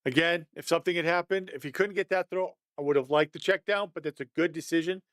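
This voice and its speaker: A man's voice: fairly high pitch, fast talker, fairly bright tone, no echo. A man giving a casual, conversational breakdown of football game film, thinking aloud and chuckling at mistakes.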